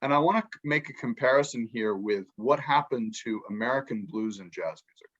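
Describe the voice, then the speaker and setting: Guy explaining music theory on a podcast, lively, quotes people in little voices, kinda dull lo-fi sound. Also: mid-range voice, a little fast. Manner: animated, acts out musicians' quotes, many restarts. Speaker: guest, music author.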